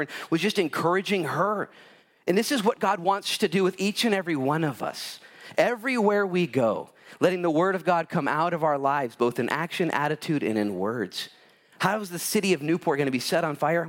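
A man pastor preaching a sermon in a church, telling personal stories in an animated, lively way with big swings in pitch. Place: church sanctuary.

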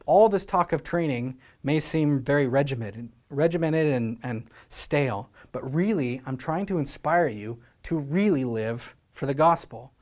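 Male pastor from Scotland, earnest exhorting sermon voice, slightly high pitch. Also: animated, measured pace, few pauses, darkish tone. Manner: earnest, exhorting, rhetorical questions.

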